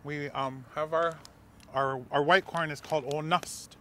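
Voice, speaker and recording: Unhurried man explaining a recipe. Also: a little high, steady tone, fairly bright tone, slight background noise. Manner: unhurried, with many ums and pauses. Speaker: guest cook.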